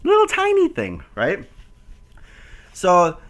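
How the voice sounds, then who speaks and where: A man's voice: high-pitched, wildly swooping pitch, takes it slowly, a bit bright. A man hosting a casual chat, telling a funny story and mimicking baby talk to a dog. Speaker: host.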